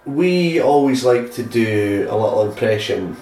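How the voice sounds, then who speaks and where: A man's voice: medium pitch, expressive, unhurried, darkish tone, soft background music. A man hosting a podcast in casual chat, rambling, laughing often and swearing freely. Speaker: podcast host. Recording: echoey room, distant mic.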